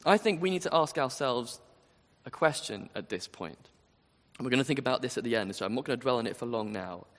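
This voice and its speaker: A man's voice: mid-range voice, animated, brisk. A man preaching a sermon, earnest and emphatic, often asking his listeners rhetorical questions. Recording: long reverb of a large hall.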